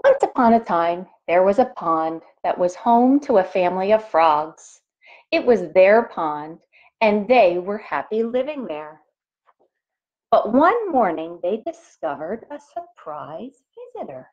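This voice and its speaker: A woman teacher reads a picture book aloud to young children, pausing to explain things to them. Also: medium pitch, dull audio. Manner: expressive, pauses to explain to young listeners.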